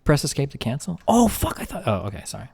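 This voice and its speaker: A man's voice: mid-range voice, wildly swooping pitch, fast, vocal fry, dark tone, breathy edge. A man streaming, talking casually and profanely while reading messages aloud.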